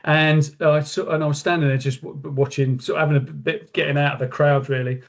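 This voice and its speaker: Man, company director, webinar guest, rambling casual talk, fillers and restarts, a bit high-pitched, dull lo-fi video call audio. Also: little pitch movement, fairly quick, creaky. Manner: rambling, many fillers and restarts, acts out quotes in raised voice.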